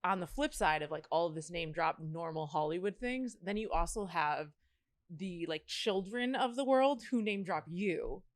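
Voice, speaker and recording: Podcast host, dry close mic, short reactions, mid pitch. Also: normal speed, no echo. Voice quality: brief interjections, laughing along. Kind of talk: casual chat.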